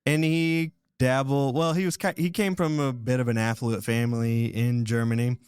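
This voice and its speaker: A man's voice: medium pitch, level tone, normal speed, darkish tone, smooth, no echo. Male co-host, casual rambling storyteller, resonant and dry. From Indiana. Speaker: podcast co-host telling a history story. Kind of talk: casual chat.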